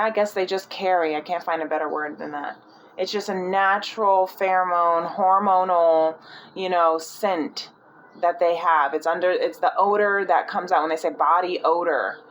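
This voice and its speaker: A woman with a low-pitched voice gives a casual spiritual reading over poor audio with some hiss or hum. She thinks aloud, rambling with fillers and restarts as she searches for the right word.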